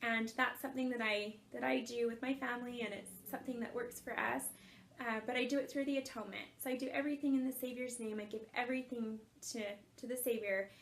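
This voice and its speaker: A woman's voice: on the high side, fairly even intonation, fast talker, a little hiss or hum. A woman coach telling a personal story in an earnest, emotional way, often laughing as she speaks. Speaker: author and life coach.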